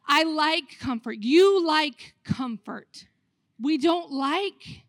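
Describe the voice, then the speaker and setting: A woman pastor preaching a sermon, telling the story with animated acted-out voices of the people. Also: high-pitched, dry recording, studio quality.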